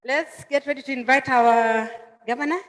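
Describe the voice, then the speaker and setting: A woman's voice: sits high, fairly even intonation, moderate pace. A Kenyan woman emceeing a public meeting, making friendly, coaxing announcements to the audience. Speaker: master of ceremonies. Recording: echoey hall with faint music.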